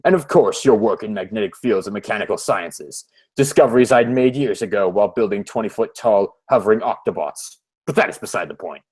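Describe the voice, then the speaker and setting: A man putting on a low gloating villain. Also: lively intonation, a little fast, a little mellow, husky. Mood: gloating menace. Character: scheming male villain, menacing, obsessive. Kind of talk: comic put-on voice in a podcast.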